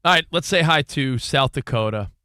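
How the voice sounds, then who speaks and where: A man's voice: no echo, clean studio sound. A man co-hosting a casual sports talk radio show, joking with his partner and taking callers. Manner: animated, jokey, quick bursts of pitch when excited. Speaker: co-host.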